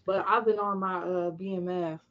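A woman guest in a casual podcast chat, relaxed and agreeable. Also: fairly low pitch, normal speed, lo-fi sound.

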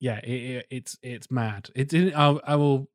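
A man's voice: medium pitch, fairly even intonation, unhurried, no echo, clean studio sound. A man hosting a casual film podcast, swearing freely and quizzing his co-hosts. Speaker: podcast host.

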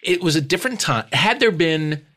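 A middle-aged man hosting a laid-back podcast conversation. His voice is bright and sharp, with an animated rise and fall. He talks in an easy, relaxed way. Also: a little high, moderate pace. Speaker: host. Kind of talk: casual podcast chat.

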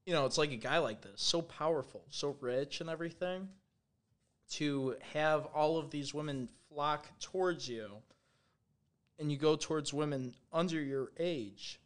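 Loud, rambling American podcast host. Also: male voice, fairly high pitch, measured pace. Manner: loud, rambling, swears freely. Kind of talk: casual podcast chat.

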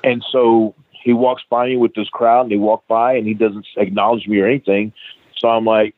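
Heard through a tinny phone-like connection, this middle-aged wrestling trainer guests on an interview show and tells a casual, profane story, acting out the quotes. The recording is dry, his pitch fairly low and his pace normal.

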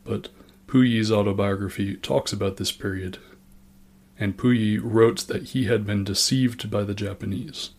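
Flat-voiced wry male history narrator. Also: lowish voice, unhurried. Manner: dry, wry sarcastic asides.

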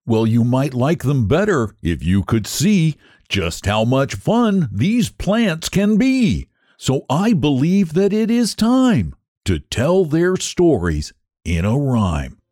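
A man reads children's rhymes aloud in a sing-song storyteller voice. His pitch swoops wide and his pace is slow. The sound is dry and close. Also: darkish tone, no room sound.

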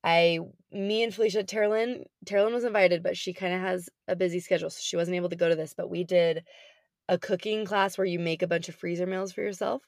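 A woman co-hosting a podcast, rambling cheerfully with plenty of fillers. Her low-set voice is raspy and full of vocal fry, and it sounds dry and close to the mic. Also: steady tone, quick pace, darkish tone, no room sound. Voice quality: a little raspy. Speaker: podcast co-host. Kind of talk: casual chat.

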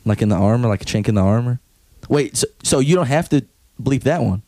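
Man, podcast co-host, mellow tone, lively pitch, crude comic banter. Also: fairly quick, no echo. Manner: jokey, laughing, swearing, animated pitch swings. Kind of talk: casual comedy podcast banter. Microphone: podcast microphone.

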